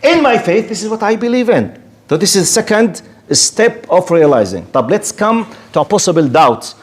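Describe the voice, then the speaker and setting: Animated man giving a religious lecture. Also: sits high. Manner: animated and rhetorical, mimics objectors in quick asides. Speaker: Islamic lecturer. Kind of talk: lecture to an audience.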